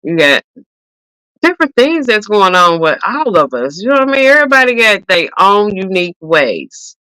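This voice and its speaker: A woman co-hosting a casual chat, animated and laughing often. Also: medium pitch, normal speed, smooth, no echo, low-quality recording. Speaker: podcast co-host.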